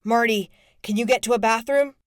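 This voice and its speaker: A woman's voice: on the high side, fairly quick, dry recording, studio quality, close to an everyday voice. A woman voicing a teenage boy who gives urgent, commanding instructions over the phone.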